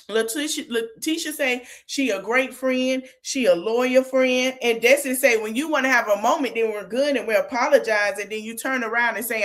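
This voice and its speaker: A woman hosting a casual podcast, retelling a reality show argument and talking back to the people in it. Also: fairly high pitch. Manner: animated, retells quotes, talks back to the people on screen. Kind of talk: casual recap chat.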